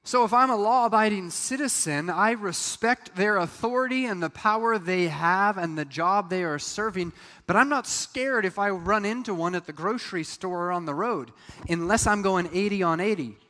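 Man, pastor, sermon, high voice, long hall reverb, conversational preaching. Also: moderate pace, sharp tone. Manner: conversational preaching with acted asides.

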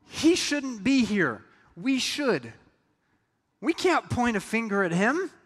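A male pastor preaches to his congregation in a conversational way, acting out quoted lines as asides. His voice is extremely high with big pitch swings, slow, a bit bright, and has a breathy edge. The recording sounds like a reverberant hall.

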